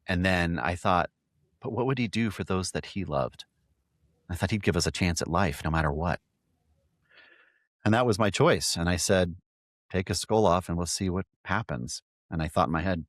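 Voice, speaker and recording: A man hosting a podcast, telling a long personal story with halting restarts and repeated words. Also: deep voice, animated, dry recording, studio quality. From California. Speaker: podcast host.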